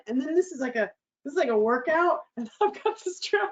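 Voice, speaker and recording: A woman's voice: high-pitched, lively intonation, brisk. A woman hosting her show, telling a candid personal story in a bubbly, crude, laughing way. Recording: slightly dull lo-fi recording.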